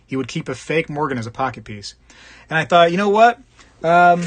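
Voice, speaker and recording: A man's voice: fairly high pitch, expressive, fairly quick. A man hosting a casual live stream, rambling, chuckling and reading viewer comments aloud. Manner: rambling, chuckling, reads chat messages aloud. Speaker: livestream host.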